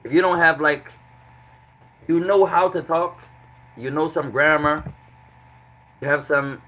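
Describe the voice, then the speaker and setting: Bright-voiced man teaching a grammar class. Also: fairly high pitch, fairly even intonation, unhurried, low-quality recording. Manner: explains patiently with repeated examples. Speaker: Arabic teacher.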